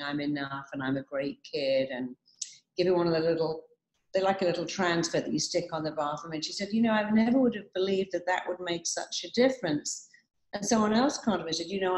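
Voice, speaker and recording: Low-voiced woman giving a motivational talk. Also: roomy sound, rough recording. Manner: warm storytelling, quoting clients, repeating affirmations.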